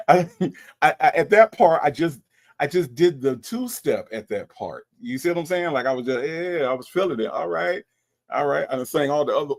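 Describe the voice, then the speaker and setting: A man hosting a casual livestream, reading chat comments aloud and joking, often stumbling and repeating himself. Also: medium pitch.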